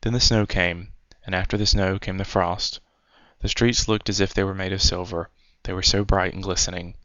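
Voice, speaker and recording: A man reading a fairy tale aloud as a storyteller, in a measured, unhurried way. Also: deep voice, level tone, fairly bright tone, no echo. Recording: dry, dull lo-fi recording.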